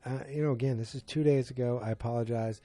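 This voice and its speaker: This is a podcast host in his forties doing a casual solo recap, talking quickly in a steady, mellow, mid-pitched voice. The recording is dry. He rambles, full of fillers and restarts, and drops in exasperated asides.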